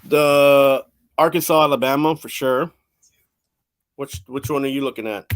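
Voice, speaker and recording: A man's voice: medium pitch, normal speed, no echo. A man co-hosting a casual sports talk show, teasing and disagreeing in banter.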